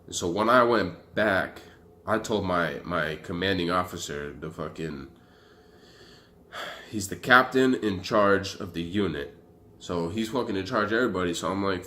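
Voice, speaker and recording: A man's voice: sits low, moderate pace, slight background noise. A young man telling his story to camera in a casual, profane, rambling way. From Arizona. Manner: profane, animated, loose and rambling. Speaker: vlogger.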